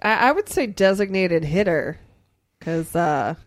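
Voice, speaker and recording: A woman's voice: lowish voice, lively intonation, unhurried, dry recording. A woman co-hosting a podcast in casual chat, playful and giggling often. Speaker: podcast co-host.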